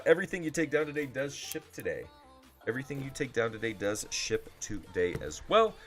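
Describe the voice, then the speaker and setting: A man talks in a loose, filler-heavy way while he hosts a card-selling livestream. His voice sits very low. Soft music plays quietly in the background. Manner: rambling and chatty, heavy on fillers. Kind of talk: casual livestream chat.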